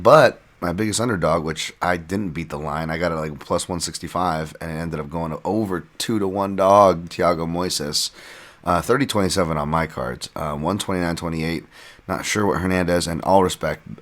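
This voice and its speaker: A man's voice: sits low, fairly bright tone. A man hosting a podcast, casually recapping fights in a rambling, self-deprecating way with lots of fillers. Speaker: podcast host and fight analyst.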